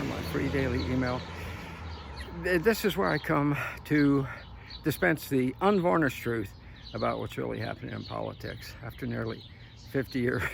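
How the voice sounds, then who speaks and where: Gravelly older man ranting outdoors. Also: mid-range voice, a little hiss or hum. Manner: emphatic, repetitive, chuckling between points. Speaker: political commentator. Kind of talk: opinionated outdoor vlog monologue. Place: outdoors after a morning jog.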